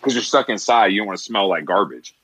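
Low, bright-voiced laid-back man. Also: animated, fast talker, breathy edge, low-quality recording. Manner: laid-back, slangy, lots of fillers and restarts. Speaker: podcast co-host. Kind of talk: casual chat.

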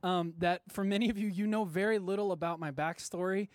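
Man, high-pitched, worship pastor, casual self-deprecating sermon, filler words, dry recording. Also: fairly even intonation, fairly quick, no echo. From Texas. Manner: chatty, self-deprecating, laughs often, many fillers. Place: church service before a congregation.

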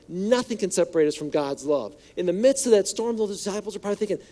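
A male pastor preaching a sermon in a conversational, joking way, slipping into hushed voices for quoted lines. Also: high voice, fast, hardly any pauses. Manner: conversational, playful asides, acts out quotes in hushed voice.

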